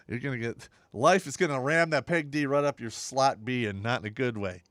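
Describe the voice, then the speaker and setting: A middle-aged man on a casual talk show, blunt and profane, telling animated stories about his days in the army. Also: mid-range voice, moderate pace, dry recording, clean studio sound. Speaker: podcast co-host.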